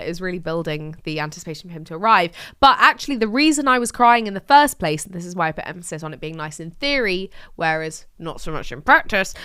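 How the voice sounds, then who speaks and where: A woman's voice: on the low side, a bit bright, smooth, no echo, clean studio sound. An English woman hosting a solo diary podcast, chatting in rambling, sweary, self-mocking rants. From England. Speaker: podcast host.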